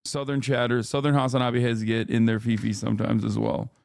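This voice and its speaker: A man's voice: mid-range voice, steady tone, fairly quick, vocal fry, a little mellow, a little hiss or hum. A man streaming from home, chatting casually with his viewers in a brash, profane way and laughing often. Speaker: streamer reacting to a video. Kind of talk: casual live-stream chat.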